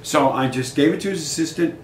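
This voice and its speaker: An older man in his sixties tells stories with lively energy, slipping into the voices of the people he quotes. His voice sits fairly high for a man. The recording has a roomy echo and faint background noise. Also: fast. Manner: animated storyteller acting out quoted dialogue. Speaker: guest musician. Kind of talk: casual storytelling interview. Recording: echoey room with faint noise.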